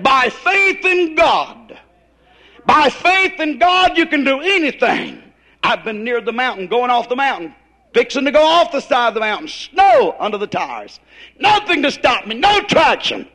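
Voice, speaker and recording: A man preaching a revival sermon, folksy in his grammar and building to shouted emphasis. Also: high-pitched, gravelly, slightly rough.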